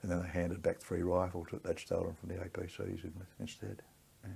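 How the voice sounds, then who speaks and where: A man's voice: deep voice, completely flat delivery, a little fast, gravelly, darkish tone, slightly rough. An older Australian man, a war veteran, telling his story in a plainspoken, gritty way in an oral history interview.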